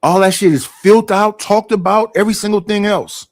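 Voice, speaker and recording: Middle-aged man, ranting, profane, rhetorical questions, fairly high voice, dry close sound. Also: brisk, no echo. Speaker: streamer. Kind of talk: casual ranting monologue.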